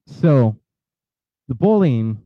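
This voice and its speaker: A man's voice: mid-range voice, big pitch swings, extremely slow, no echo, muffled recording. A male host giving impassioned, angry commentary, preaching at his listeners with many filler uhs and restarts. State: outraged.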